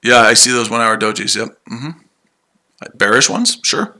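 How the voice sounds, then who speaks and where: Male trading streamer, tired and mocking, bright tense tone. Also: on the low side, steady tone, fairly quick. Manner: sarcastic, repetitive, combative. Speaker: trading livestream host. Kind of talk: live trading stream, answering chat.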